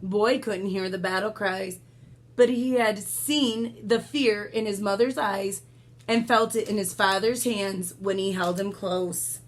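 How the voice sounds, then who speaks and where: A woman's voice: mid-range voice, fairly even intonation, a little slow. A woman reading a picture book aloud, with sound effects and little asides to her listeners. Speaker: storyteller.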